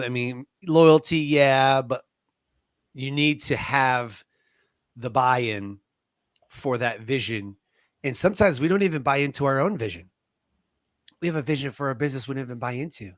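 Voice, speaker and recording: A middle-aged military veteran, a guest in an interview, tells personal stories, leaning into each anecdote and acting out the voices of the people in it. His voice is medium-pitched and a bit bright. The recording is dry and close, with no echo or room sound.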